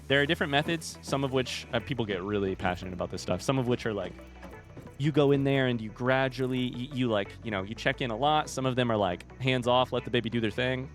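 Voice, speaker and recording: A man's voice: medium pitch, quick pace, faint music behind. A young man chatting casually with his viewers while he plays a game, telling a long rambling story. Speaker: streamer. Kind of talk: casual chat while gaming.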